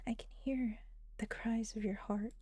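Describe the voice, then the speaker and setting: A woman voicing a calm, gentle young woman in a visual novel, speaking softly and earnestly in a whispered role-play. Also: a little high, measured pace. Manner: soft, earnest, often whispered.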